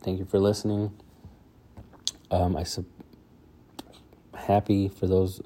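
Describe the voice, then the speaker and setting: Slow and dark, his low voice shows little pitch movement, with slight background noise behind it. He's a podcast host chatting loosely by himself, full of fillers and restarts.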